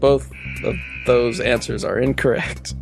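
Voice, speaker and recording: Male podcast quizmaster, mid-pitched, casual, faint music bed. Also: fairly even intonation, unhurried, creaky. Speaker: podcast co-host running the trivia. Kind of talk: casual podcast quiz hosting.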